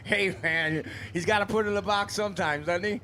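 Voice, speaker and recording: A man's voice: high-pitched, brisk, pushed and bright, a little hiss or hum. A man co-announcing drag races in a laid-back way, reading out dial-ins and calling his partner "bud.". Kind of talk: drag racing commentary.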